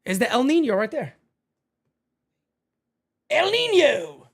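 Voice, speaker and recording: A man hosting a live baseball watch-party stream, giving excitable, profane play-by-play and often shouting. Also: extremely high pitch, takes it slowly, gravelly, breathy edge.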